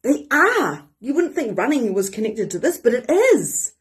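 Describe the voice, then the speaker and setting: A woman with a New Zealand accent, a spiritual mentor and coach, reflecting in an animated, casual monologue and swearing freely. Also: on the high side, a little slow, slightly rough.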